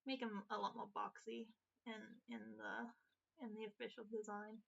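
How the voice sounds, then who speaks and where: Bright high-voiced British woman chatting. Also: little pitch movement, normal speed, creaky, muffled recording. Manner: rambling, self-correcting, giggly. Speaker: comic artist. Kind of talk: casual chat.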